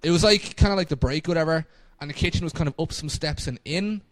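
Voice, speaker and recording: A man's voice: a little high, quick pace, no room sound. A man, co-hosting a podcast and telling rambling, self-mocking stories. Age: 20s. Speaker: podcast co-host. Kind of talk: casual chat.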